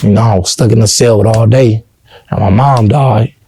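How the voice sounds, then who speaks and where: A man's voice: fairly low pitch, fairly even intonation, moderate pace, mellow, husky. A man being interviewed, telling his life story in an earnest, heartfelt way and constantly adding "you know what I'm saying.". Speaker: interview guest. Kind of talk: casual personal storytelling.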